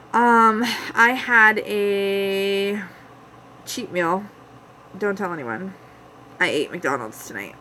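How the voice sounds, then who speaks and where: A woman's voice: on the low side, pushed and bright, a little hiss or hum, poor audio. A young woman from Canada with a Canadian accent, rambling casually to viewers during a live chat from her home. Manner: rambling, chatty, talks to viewers by name. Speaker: vlogger hosting a live chat.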